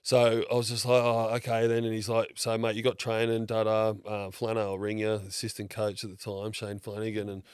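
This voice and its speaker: A man's voice: lowish voice, completely flat delivery, fairly quick, few pauses, darkish tone, clear, resonant tone, no room sound, studio quality. An Australian man in his thirties, telling stories in a blokey, casual way, swearing freely and acting out what others said. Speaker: podcast guest. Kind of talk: casual storytelling chat.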